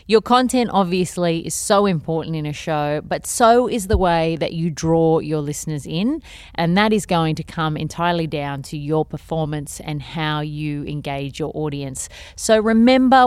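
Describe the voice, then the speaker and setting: A woman hosting a podcast, giving advice in an energetic, conversational and encouraging way. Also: on the low side, no room sound, studio quality. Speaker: podcast host and teacher. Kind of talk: instructional podcast talk.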